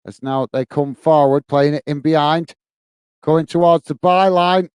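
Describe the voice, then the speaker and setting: A man with a Northern Irish accent hosting a football watch-along stream, giving steady play-by-play and chatting in a friendly way as he reads viewer comments. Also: fairly high pitch, unhurried, clean tone, no echo. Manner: friendly and chatty, often says "mate" while reading viewer comments. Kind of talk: live play-by-play commentary with chat.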